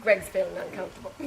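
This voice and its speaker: Lively woman recounting a story. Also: a little high, vocal fry, a little hiss or hum, rough recording. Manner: animated retelling, acts out dialogue, laughs often. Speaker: spiritual storyteller. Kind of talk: casual spoken testimony.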